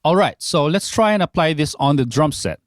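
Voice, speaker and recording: A man's voice: a little high, moderate pace, no room sound. Man explaining drum patterns, close and dry. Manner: calm step-by-step explanation. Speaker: drum teacher. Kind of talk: instructional drum lesson.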